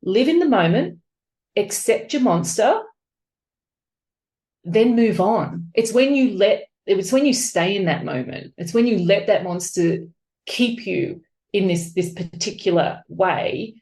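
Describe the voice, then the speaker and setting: A woman's voice: mid-range voice, unhurried. A woman author being interviewed on a podcast, talking openly and with feeling, acting out voices as she tells stories. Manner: open, emotional, animated storytelling. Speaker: author guest. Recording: echoey room.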